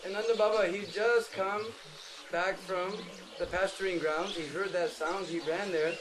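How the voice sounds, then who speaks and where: A man telling a devotional story at an outdoor holy site in an animated, dramatic way, explaining chanted phrases. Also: high voice, a little slow. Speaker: pilgrimage speaker. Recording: outdoor crowd noise.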